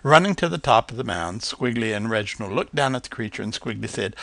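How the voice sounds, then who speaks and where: A man reading a children's story aloud in an expressive, measured way. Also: on the low side, vocal fry, no echo.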